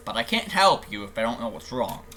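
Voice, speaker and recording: A man's voice: medium pitch, big pitch swings, fairly quick, pushed and bright, a little hiss or hum, voice pushed down. A man reading a visual novel aloud, voicing a caring, worried teenage boy in an earnest, insistent way close to his own voice.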